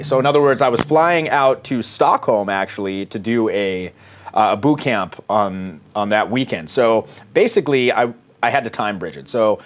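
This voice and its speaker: Man, dating coach, low voice, crude, offhand, casual commentary. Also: animated, normal speed. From United States. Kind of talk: casual commentary on text exchanges.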